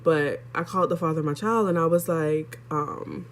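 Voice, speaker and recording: Her voice is deep and her pace moderate as this young vlogger tells a personal story. She keeps it candid and chatty, speaking right to the people watching her casual storytelling video.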